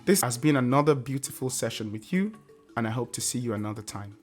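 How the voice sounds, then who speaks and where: A man's voice: medium pitch, lively intonation, quick pace, faint music behind. A man hosting a casual online language lesson, patiently repeating example words and singing tone syllables. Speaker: language teacher and channel host.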